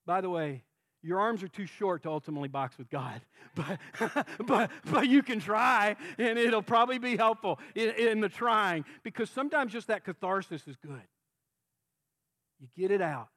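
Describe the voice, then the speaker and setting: Middle-aged guy preaching, pretty high voice, goes from soft to yelling, no room echo. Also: normal speed. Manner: impassioned, swings from soft to shouted cries. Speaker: pastor. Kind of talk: sermon.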